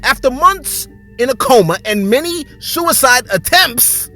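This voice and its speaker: A woman's voice: sits high, lively intonation, measured pace, sharp tone, soft background music. A woman hosting a celebrity gossip show, delivering sarcastic commentary with sing-song, mocking asides.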